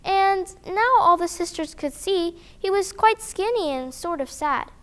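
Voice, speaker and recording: A woman reading a children's picture book aloud, animated and expressive, with sound effects. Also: extremely high pitch, measured pace. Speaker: storyteller.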